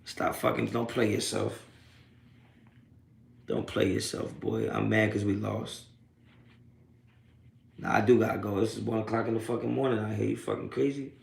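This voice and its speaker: Flat and creaky, a lowish male voice moves at a moderate pace in a roomy-sounding recording. He's a sports talk livestream host reacting after a game, reading chat and trash-talking trolls with street slang and constant cursing, laughing them off.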